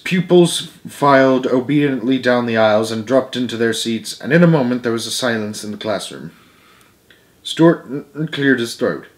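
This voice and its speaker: A man reading a children's book aloud with frequent slips, restarts and chatty asides. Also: medium pitch. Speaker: storyteller.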